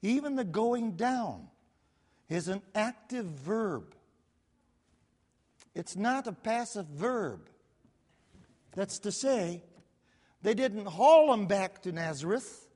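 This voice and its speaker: A man preaching a sermon, telling the story with lively repetition and quick asides, recorded in a church sanctuary. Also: extremely high pitch. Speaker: pastor. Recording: long hall reverb.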